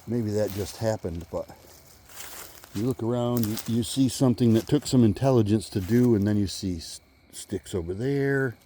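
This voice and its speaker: A man vlogging on a walk through the woods, musing in halting speech and now and then calling out loudly. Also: fairly low pitch, slight background noise. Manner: musing, halting, with sudden loud call-outs. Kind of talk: rambling walk-and-talk vlog. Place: outdoors in woods.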